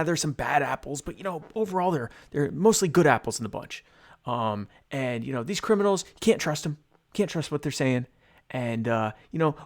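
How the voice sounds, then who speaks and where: A man co-hosting a podcast in casual chat, rambling and joking, who slips into mock speeches. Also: on the high side. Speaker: podcast co-host.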